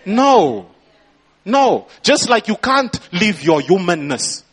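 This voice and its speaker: Slow, emphatic man preaching a sermon. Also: high-pitched, big pitch swings, slight background noise. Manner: preaching with rising emphatic bursts and congregation prompts. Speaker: pastor.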